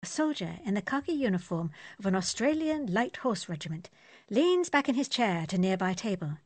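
A woman narrating an audiobook in a steady, descriptive manner. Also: mid-range voice, fairly quick, dry recording.

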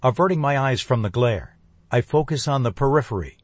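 A man narrating a first-person thriller audiobook in a measured, tense voice. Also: mid-range voice, animated, no room sound.

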